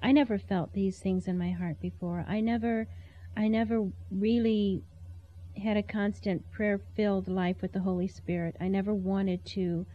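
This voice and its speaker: A woman's voice: medium pitch, little pitch movement, moderate pace, dull audio. A woman sharing a heartfelt personal testimony in an earnest, storytelling way. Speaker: interview guest.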